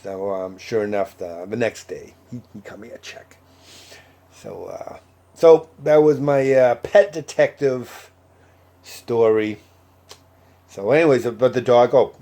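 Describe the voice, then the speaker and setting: A man's voice: mid-range voice, mellow. A man telling a personal story in a casual, conversational way, acting out the other people's words with lots of fillers. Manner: conversational, many fillers and quoted dialogue. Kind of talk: casual anecdote.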